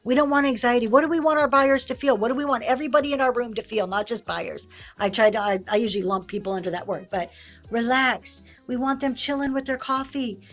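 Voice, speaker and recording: Lady hosting a live stream, kinda high voice, animated and chatty, quiet music in back. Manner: lively, acts out quoted sales talk. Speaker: live-selling host. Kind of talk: livestream teaching talk.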